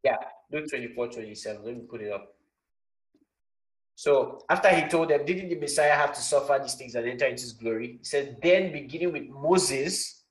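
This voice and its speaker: A man's voice: mid-range voice, expressive, normal speed. A young Nigerian man leading an interactive Bible class, talking conversationally, quizzing his students and stressing key points. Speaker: Bible teacher. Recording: roomy echo.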